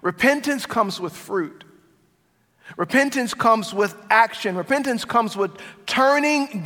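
A man's voice: high-pitched, sharp tone. A male pastor preaching a sermon, emphatic and repeating his key phrases. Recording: long reverb of a large hall.

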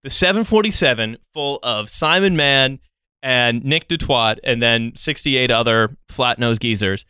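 A man hosting a podcast, telling a story in a casual, comedic way, laughing often and pausing with fillers. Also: medium pitch, animated, pushed and bright, clean tone, no echo, clean studio sound.

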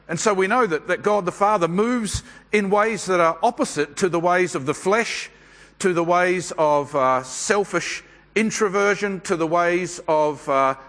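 A man preaching a sermon at a church service, speaking in a measured, unhurried way with pauses and fillers. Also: high-pitched, fairly bright tone, in a large hall.

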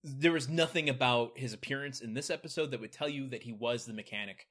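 A man's voice: mid-range voice, quick pace, fairly bright tone. A man co-hosting a podcast who runs the segments and laughs often in casual chat. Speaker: podcast co-host.

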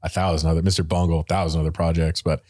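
Very low-voiced man in rambling music chat. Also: flat delivery, very fast, darkish tone. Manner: rambling and enthusiastic, many fillers and restarts.

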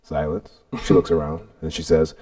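A podcast co-host with a very deep voice speaks at a moderate pace, telling a story in casual chat. He's animated, acting out what people said, and swears and laughs often.

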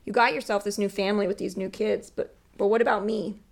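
A woman's voice: mid-range voice, fairly even intonation, a little fast, vocal fry, lightly acted. Lady reading as a hurt teen girl, mad at her dad, pretty plain read-aloud. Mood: pleading. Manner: reads aloud with little acting. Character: angry hurt teenage girl, Carmen.

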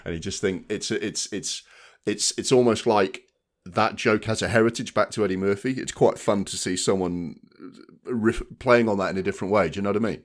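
A man's voice: lowish voice, fairly quick. A man co-hosting a film podcast, talking casually and often checking in with "do you know what I mean". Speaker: podcast co-host. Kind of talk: casual chat.

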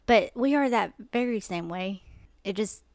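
Speaking in a mid-range voice that's animated, unhurried and a little mellow, a podcast host in her forties gives a casual, earnest Bible talk. The recording is dry, with clean studio sound.

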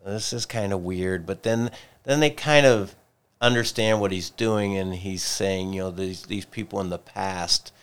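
A man's voice: low-pitched, steady tone, a little slow, fairly bright tone, clear, resonant tone. A man co-hosting a church discussion podcast, retelling a story in a thoughtful way and circling back to repeated questions. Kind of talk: reflective faith discussion.

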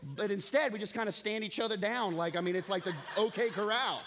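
Preaching in a high, fairly quick voice, a middle-aged pastor tells a funny story and chuckles through it, repeating words to build his point. He is an animated storyteller, and the audio carries a little hiss or hum.

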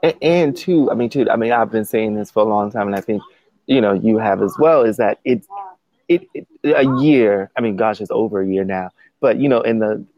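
A man's voice: fairly low pitch, brisk, a little mellow, no echo, highs cut off. A man chatting casually, laughing often and rambling with restarts. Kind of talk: casual chat.

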